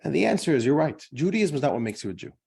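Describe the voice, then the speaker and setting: Slightly high, very fast, and creaky, this rabbi's voice carries a lively, conversational joke that leads into a lesson he explains to his class.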